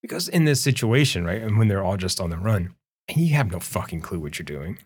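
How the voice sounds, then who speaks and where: A man's voice: low-pitched, very animated, fairly quick, a little mellow, breathy edge. A man co-hosting a podcast, eagerly retelling film scenes and often checking in with "right?". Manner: enthusiastic, retells scenes with acted quotes, keeps saying right. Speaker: podcast co-host. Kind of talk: casual film discussion.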